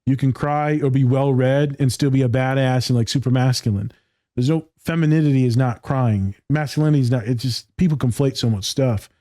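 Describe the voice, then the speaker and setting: A man's voice: medium pitch, a little fast, warm tone, dry recording, clean studio sound. A man hosting a podcast, talking casually and with emphasis, full of slang like "my guy" and free with swearing. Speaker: podcast host.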